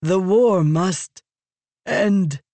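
A narrator voicing a dying ancient female Fused, croaking in slow, broken phrases for an audiobook. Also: medium pitch, mellow, no room sound, pitched above the performer's own voice. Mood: resigned. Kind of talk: audiobook character reading.

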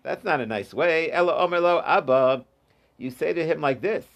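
Gravelly man teaching Talmud. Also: medium pitch, a little fast. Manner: reads Aramaic then explains in English, with many fillers and restarts. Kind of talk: informal Talmud class.

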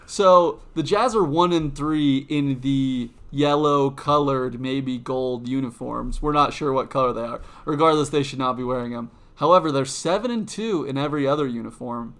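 A man's voice: medium pitch, moderate pace, few pauses, fairly bright tone. A man co-hosting a casual sports podcast, joking and bantering with friends. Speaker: podcast co-host. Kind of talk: casual chat.

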